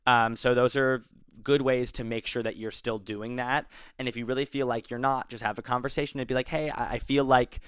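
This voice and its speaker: A man's voice: medium pitch, level tone, brisk, fairly bright tone, smooth, no echo, studio quality. A young man in his twenties hosting an advice podcast, talking casually with lots of fillers and self-corrections. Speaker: podcast host.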